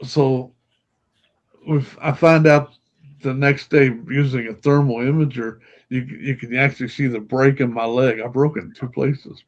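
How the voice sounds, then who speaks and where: Older man, a guest telling an animated story, mid-range voice, slightly dull recording. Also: mid-range voice, moderate pace. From Kentucky, USA. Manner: animated storyteller, laughs often, acts out quotes. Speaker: podcast guest, paranormal investigator. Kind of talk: storytelling anecdote in casual chat.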